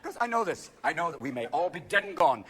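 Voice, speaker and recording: A man performing live stand-up comedy, manic and shouting, jumping between quick impressions. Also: fairly high pitch, big pitch swings, slightly rough. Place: theater stage. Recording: live theater with a laughing audience and noise.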